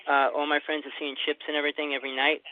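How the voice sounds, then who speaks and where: A man's voice: fairly high pitch, little pitch movement, racing, a little hiss or hum. An older man calling in as a guest on a radio show, chatty and rambling. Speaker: guest caller. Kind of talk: casual radio call-in. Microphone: phone. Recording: tinny phone line.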